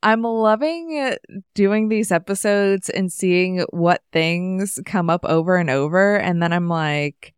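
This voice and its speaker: A woman hosting a podcast, asking questions in a relaxed, conversational way and laughing often. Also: fairly low pitch, takes it slowly, smooth, no echo, clean studio sound. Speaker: podcast host. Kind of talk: casual interview.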